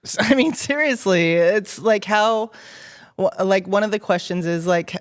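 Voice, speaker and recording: A woman's voice: medium pitch, a little slow. A woman hosting a podcast interview, responding encouragingly and asking thoughtful questions about courage. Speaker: podcast host. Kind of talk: interview chat.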